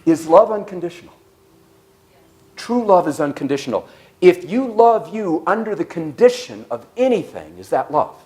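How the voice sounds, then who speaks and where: A man giving an animated sermon-style talk at a church service, telling stories and questioning the audience. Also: high voice, normal speed. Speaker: speaker.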